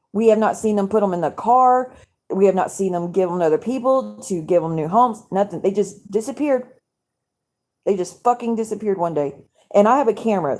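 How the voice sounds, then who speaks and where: A woman's voice: medium pitch, darkish tone. A woman, hosting a casual live stream at home at night. She vents in an angry, profane, rambling way to her viewers.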